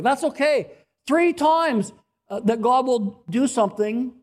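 A man preaches in a notably high voice. He delivers an earnest sermon, repeating key phrases and clearing his throat now and then. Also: animated, unhurried. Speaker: pastor.

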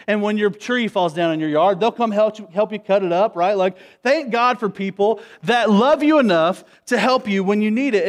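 Guy preaching at church, high voice, chatty, keeps hyping up the crowd. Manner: conversational, energetic, rallies the congregation. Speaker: pastor. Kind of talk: sermon. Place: church, before a congregation.

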